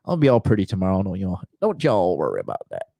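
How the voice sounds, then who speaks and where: A man's voice: sits low, huge pitch swings, quick pace, vocal fry, dark tone, dry recording, clean studio sound. A man in his thirties hosting his show, talking loosely and swearing to his viewers while laughing at himself. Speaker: host. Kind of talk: casual talk to viewers.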